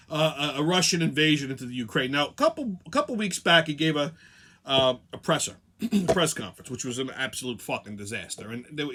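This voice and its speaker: A man's voice: a little high, pushed and bright. A man hosting a weekly show, ranting sarcastically and profanely. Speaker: host. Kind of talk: profane comedic rant.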